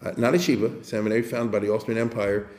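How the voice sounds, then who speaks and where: A man's voice: lowish voice, fairly even intonation, racing, a little mellow, echoey room. A man giving an informal lecture in a conversational way, often digressing and checking with his listeners. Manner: conversational, digressive, asks the audience for assent.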